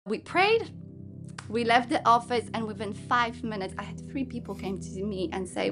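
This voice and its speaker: A woman's voice: medium pitch, normal speed, music in the background. A woman from Poland with a mixed Polish and English accent, a kids ministry leader speaking earnestly in a casual podcast interview. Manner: earnest, practical, searching for words.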